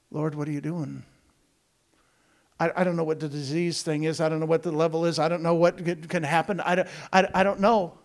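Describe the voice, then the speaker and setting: Male missionary speaker with a high voice. Folksy, joking storyteller who talks straight to the congregation. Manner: folksy, joking, digressive, addresses the congregation directly. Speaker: missionary telling his story to a church. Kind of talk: storytelling sermon.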